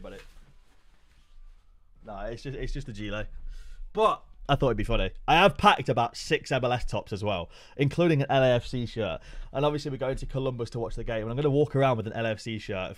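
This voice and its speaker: A young man streaming live, chatting casually with his viewers and joking with plenty of swearing. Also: medium pitch. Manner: profane, joking banter with chat. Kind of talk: casual livestream chat.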